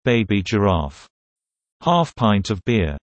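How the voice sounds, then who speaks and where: A man reading slang terms and their meanings in a measured, deliberate teaching delivery. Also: lowish voice, very animated, no room sound, lo-fi sound. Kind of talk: slow explanatory reading of word pairs.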